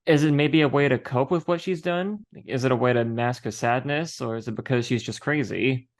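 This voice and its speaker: A man's voice: medium pitch, normal speed. A man co-hosting a casual podcast, adding brief wry interjections from a little farther from the microphone. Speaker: podcast co-host.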